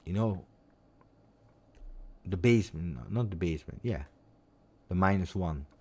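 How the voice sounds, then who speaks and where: A man's voice: low voice, lively intonation, measured pace, a little mellow, husky. A man with an Italian accent who hosts a football channel, chatting casually and rambling expressively on a live stream with lots of fillers.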